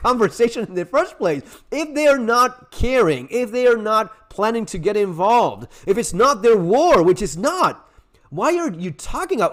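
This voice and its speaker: Man, high-pitched, survival channel host, sarcastic, blunt, profane, ranting commentary. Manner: sarcastic, blunt, swears freely; ranting, with frequent restarts. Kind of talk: opinionated commentary to camera.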